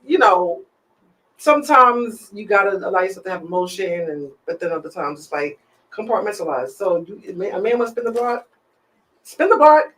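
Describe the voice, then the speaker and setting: A woman's voice: a little high, a bit bright, rough recording. A woman hosting a podcast in casual chat, telling candid, reflective stories about her love life. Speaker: podcast host.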